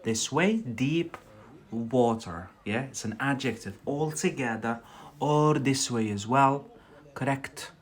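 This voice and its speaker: A man from Scotland with a Scottish accent, teaching English on a live stream, slow and explanatory, often adding "yeah?" to check his viewers follow. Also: medium pitch.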